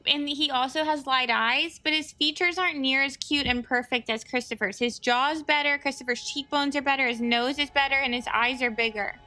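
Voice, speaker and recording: A woman's voice: high voice, steady tone, a little fast, few pauses, sharp tone, faint music behind, rough recording. A woman reading out a plain, matter-of-fact comparison point by point.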